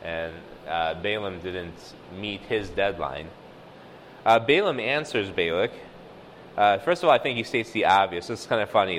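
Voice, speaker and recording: A man's voice: lowish voice, normal speed, fairly bright tone, long reverb tail, slight background noise, low-quality recording. A man teaching a casual sermon, talking through a passage with many fillers and acting out quoted dialogue. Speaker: lay preacher.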